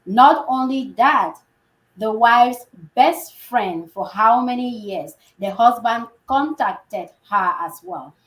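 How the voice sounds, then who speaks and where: A woman who works as a healthcare provider, telling a story in a lively conversational way and acting out the dialogue as she goes. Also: on the high side, slow pace. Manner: animated, acts out quoted dialogue. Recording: roomy echo.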